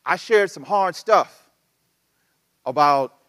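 A man preaching a sermon as pastor, talking with a casual, animated style full of asides and acted-out quotes. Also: fairly high pitch, slow, no echo.

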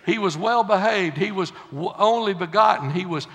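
A man preaching a sermon in a church, folksy and building to fiery shouts. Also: sits high, moderate pace, dull audio. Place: church sanctuary. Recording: long hall reverb.

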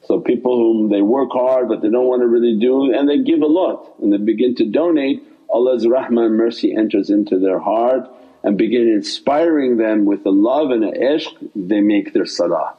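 A man's voice: mid-range voice, normal speed, husky, phone-quality sound. A man teaching in an informal sermon, with meandering speech that repeats itself and loose phrasing. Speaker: religious teacher.

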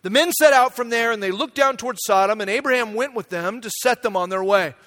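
A man with an unusually high-pitched voice preaches a sermon in a church. He talks in a relaxed, conversational way and keeps turning to the room with "right?" to check that people are following. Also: fast. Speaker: pastor. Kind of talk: sermon with personal story.

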